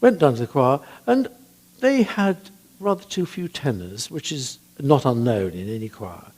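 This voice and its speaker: An older man with a husky voice, a church composer telling chatty anecdotes about music, hesitant with frequent ums. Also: mid-range voice, big pitch swings, unhurried, darkish tone. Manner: chatty, hesitant with many ums, laughs at his own stories. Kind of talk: anecdotal talk.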